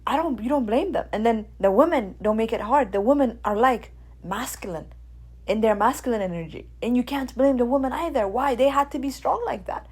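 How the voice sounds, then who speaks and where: A woman from Ethiopia, hosting a radio show in a blunt, animated monologue. She swears freely and keeps asking her listeners "right?". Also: a little high, a little fast, breathy edge. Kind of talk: casual opinion monologue.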